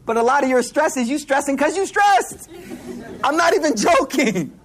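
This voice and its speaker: A man preaching a casual, animated sermon in street slang, telling stories as he goes. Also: very high-pitched, normal speed.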